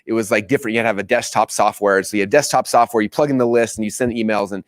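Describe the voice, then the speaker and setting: A man hosting a course, telling a personal story with excitement and acting out his own past lines. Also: lowish voice, very fast, no room sound. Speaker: course host. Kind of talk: animated storytelling.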